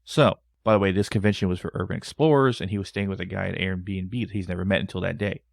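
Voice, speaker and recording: A man co-hosting a podcast, retelling an experience in an animated, casual way with quoted dialogue. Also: deep voice, quick pace, creaky, no room sound, clean studio sound. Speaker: podcast co-host. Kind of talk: casual storytelling.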